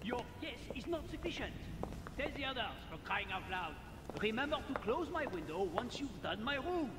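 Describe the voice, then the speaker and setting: A man's voice: extremely high pitch, sing-song, normal speed, heavy background noise. An actor playing a pompous, brusque male emperor giving orders in a story game. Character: blustering male emperor impression. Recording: game audio with music underneath.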